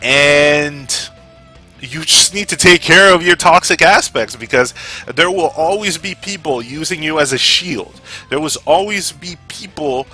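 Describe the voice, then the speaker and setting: A man vlogging about gaming in a heated, profane rant that flares up, then calms into casual sign-offs. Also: fairly high pitch, unhurried, faint music behind. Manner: heated, profane, gets fired up. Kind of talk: opinion rant to camera.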